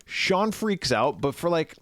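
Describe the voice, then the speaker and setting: A man co-hosting a podcast, retelling a movie plot in casual chat, swearing freely and dropping quick voiced asides. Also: a little high, very animated, no echo, studio quality. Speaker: podcast co-host.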